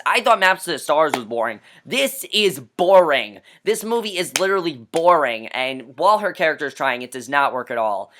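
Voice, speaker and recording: A man's voice: fairly high pitch, bright, forceful tone. A man giving an exasperated, blunt, profane rant as a film reviewer.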